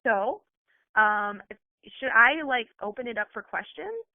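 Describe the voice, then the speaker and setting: A woman's voice: on the high side, sing-song, gravelly, no echo. Woman, motivational team coach, earnest and chatty, tinny phone line, dry sound. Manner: earnest, fast, peppered with "like". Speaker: team coach giving a talk. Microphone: phone on a conference call.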